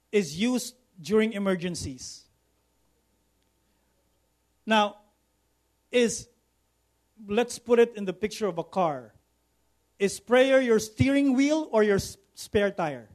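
A man's voice: high voice, a little mellow. A man preaching a sermon, repeating phrases for emphasis and calling for responses from the congregation. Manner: preaching with rising emphatic repetition. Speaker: pastor.

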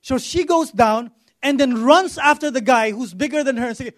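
High-voiced Filipino pastor preaching. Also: male voice, normal speed, fairly bright tone. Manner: conversational, repeats words, frequent "okay?". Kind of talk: sermon with personal stories.

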